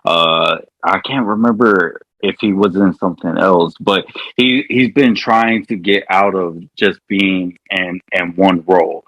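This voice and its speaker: A man co-hosting a podcast, speaking in a halting way with many restarts. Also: sits low, fairly bright tone, dry recording, rough recording. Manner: halting, restarts often, hesitant. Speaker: podcast co-host. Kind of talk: casual chat.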